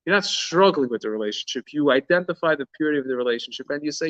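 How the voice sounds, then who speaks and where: A man's voice: a little high, expressive, very fast, hardly any pauses, fairly bright tone, no room sound. A man, a rabbi, giving an informal Torah talk with a story. He speaks earnestly and often restarts, mixing in Hebrew and Yiddish terms. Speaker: rabbi teaching a class. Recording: dull, lo-fi dry recording.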